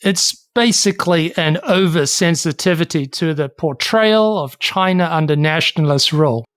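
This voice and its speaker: A podcast co-host tells history in a steady, explanatory way. The voice sits at a middling pitch. It is recorded close and dry, with no room echo. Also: normal speed. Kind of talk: casual history podcast chat.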